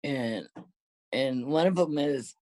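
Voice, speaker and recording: A woman's voice: very deep voice, slow pace, dark tone, no echo. An older woman casually reminiscing in conversation, rambling and often correcting herself mid-sentence. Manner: rambling, self-correcting storyteller.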